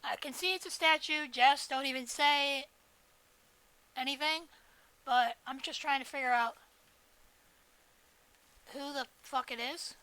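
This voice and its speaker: A woman's voice: sits high, measured pace, long pauses, sharp tone, dry recording, low-quality recording. A woman streaming a video game, chatting casually in a rambling, joking way with plenty of swearing. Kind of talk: casual live-stream chat while gaming.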